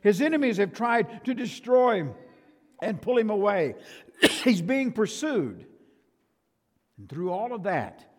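An older male pastor preaching a sermon, emphatic and swinging from loud to soft, in a church sanctuary. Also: sits high, very animated, a little slow, pauses often. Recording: reverberant church hall.

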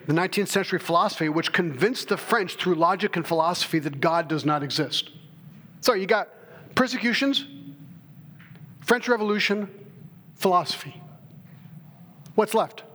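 A middle-aged man, a pastor, preaching a sermon and telling a story with animated, acted-out dialogue. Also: high voice.

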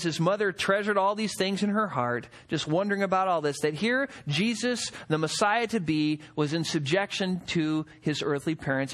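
A man preaching a sermon as a pastor, animated, stepping into quoted voices as he explains a Bible passage. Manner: animated, acts out quoted voices with rising pitch.

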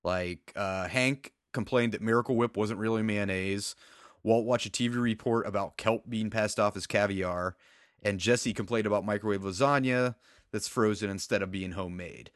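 A man's voice: fairly low pitch, normal speed, no echo. A man co-hosting a casual chat, recapping a TV episode and acting out lines from it. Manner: relaxed, acts out character quotes. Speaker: podcast co-host.

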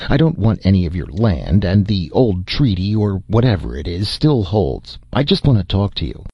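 A man's voice: low-pitched, big pitch swings, normal speed, slightly rough, no echo, muffled recording, exaggerated voice. A man voicing a wry, resourceful male adventurer in an audiobook, with dry humor. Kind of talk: audiobook character voice.

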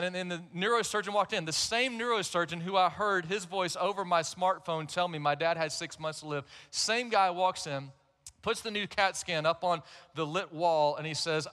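Male pastor, high bright voice, chatty storytelling sermon in a big church. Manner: conversational storytelling, warm humor. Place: large church.

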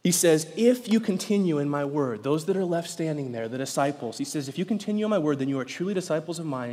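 A male pastor preaching a sermon in a church, animated and acting out the voices of the people in his stories. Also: on the high side, fast talker, few pauses. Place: church sanctuary. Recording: hall reverb.

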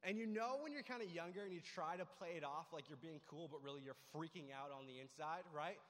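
A young man gives a laid-back sermon, his voice sitting a little high for a man. He tells stories in a loose, chatty way, often checking in with the crowd. His words ring out with a long reverb from a large hall. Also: a little fast, fairly bright tone. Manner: casual, storytelling, frequent "like" and "right?". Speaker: pastor.

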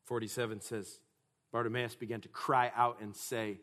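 A man preaching a sermon emphatically, rising to loud, forceful passages. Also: mid-range voice, level tone, moderate pace.

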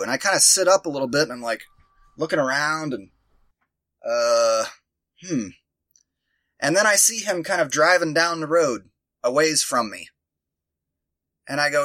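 A man's voice: a little high, expressive, normal speed, long pauses, bright, forceful tone, no room sound. A man telling a rambling, profane, self-mocking story in a casual chat.

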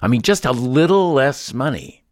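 A man's voice: medium pitch, sing-song, normal speed, no room sound, studio quality. A man co-hosting talk radio, rambling in indignant commentary. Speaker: radio co-host. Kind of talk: casual talk radio banter.

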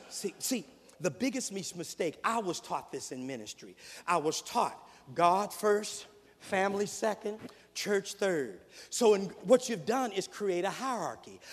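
A man preaching a sermon in a high voice that drops to near-whispers and then climbs into loud, ringing peaks. His words carry a long reverb from a large church sanctuary. He tells stories and acts out the people in them as he preaches. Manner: builds from quiet, low passages to loud, high-pitched preaching cries. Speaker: preacher, seminary dean.

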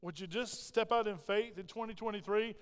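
A man's voice: high voice, brisk, smooth. A man, a pastor preaching an emphatic sermon that swells and drops. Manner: emphatic, rising and falling preaching delivery. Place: church sanctuary. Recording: long hall reverb.

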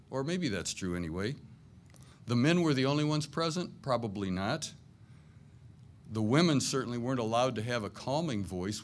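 A middle-aged man delivers a sermon in an easy, conversational tone, slipping in self-deprecating jokes. His voice sits in an ordinary middle range. A faint hiss of noise runs under the recording. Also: mid-range voice. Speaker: pastor. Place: church sanctuary with congregation.

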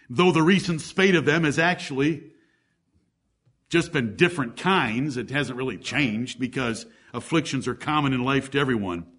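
A man with a notably high voice delivers a sermon from the pulpit. He preaches emphatically, firing rhetorical questions and running through lists of examples. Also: a bit bright, breathy edge. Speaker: pastor.

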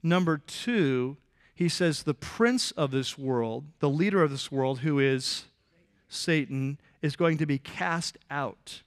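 Male pastor, fairly high voice, casual and lively sermon delivery with quick asides to the congregation. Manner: conversational and animated, with restarts and asides to the congregation.

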